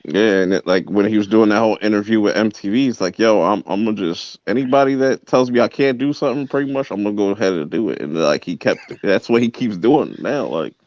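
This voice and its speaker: A man's voice: lowish voice, fast talker, hardly any pauses, darkish tone, no echo, lo-fi sound. A man co-hosting a podcast in casual chat, laid-back, acting out quotes as he talks. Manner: laid-back, acts out quotes, swears a lot. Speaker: podcast co-host.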